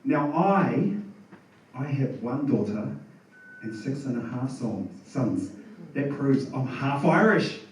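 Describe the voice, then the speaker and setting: A man's voice: mid-range voice, animated, slow pace, slight background noise. A man doing laid-back stand-up comedy, telling stories on a bar stage. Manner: laid-back storytelling, chuckles at his own jokes. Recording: echoey bar room from far off.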